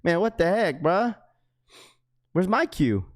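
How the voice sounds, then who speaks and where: A young man livestreaming to his chat in a casual, slangy way, getting excited and repeating himself. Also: sits high, slow pace. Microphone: webcam setup.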